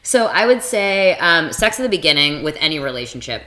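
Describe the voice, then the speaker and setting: A woman in her thirties talks in a low, slightly husky voice, which she says sounds a bit manly in daily life. Her tone is bright and forceful, and she tells frank, profane stories on a podcast in easy, chatty conversation. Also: sing-song, fairly quick. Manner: candid, laughing, profane storytelling. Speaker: podcast guest. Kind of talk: casual chat.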